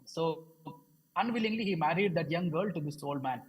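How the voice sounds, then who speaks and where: A man's voice: on the high side, moderate pace, slightly rough, rough recording. A man telling a story at a devotional program, hesitant, with many fillers and restarts. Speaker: devotional speaker. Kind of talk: storytelling talk.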